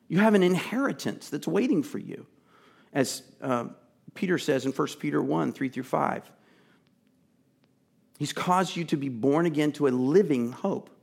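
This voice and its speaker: A man preaching a sermon, earnest and emphatic, chatting with asides and sometimes dropping to a soft, pleading voice. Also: a little high, vocal fry. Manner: drops to a soft, intimate tone to plead. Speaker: pastor.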